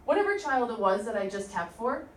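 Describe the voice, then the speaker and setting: A middle-aged woman teaching an informal workshop, chatty and animated as she tells stories to the group. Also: on the high side, fairly quick, a little hiss or hum. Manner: chatty, storytelling, animated asides. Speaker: tapping instructor. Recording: echoey room from a distant mic.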